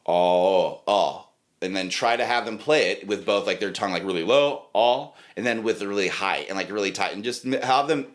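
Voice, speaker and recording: A man's voice: lowish voice, normal speed. A man co-hosting a podcast about playing horn, chatting casually and demonstrating sounds as he explains. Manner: animated, demonstrates with sung sounds and put-on voices. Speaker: podcast co-host, horn teacher. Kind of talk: casual chat.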